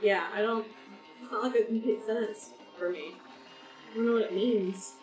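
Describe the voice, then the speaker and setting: A woman's voice: medium pitch, moderate pace. Chatty woman gaming streamer, roomy sound. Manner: rambling, chatty, talks to chat viewers. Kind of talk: casual chat while playing a game. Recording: roomy, distant mic with soft game music.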